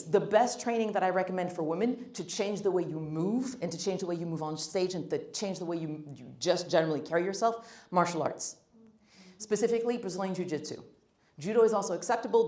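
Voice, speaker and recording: Speaking a little fast in a lowish voice, a guest speaker on first impressions gives a blunt, emphatic workshop talk to her audience, slipping in jokes along the way. The meeting room setting adds a roomy echo to the recording.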